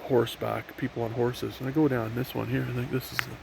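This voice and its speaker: A man narrates a walk on an outdoor trail in a rambling, casual way, full of fillers and restarts. His voice is gravelly and mid-pitched. The recording is noisy, with wind and river sound behind him. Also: little pitch movement, fast talker. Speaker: vlogger. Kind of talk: casual walking tour narration.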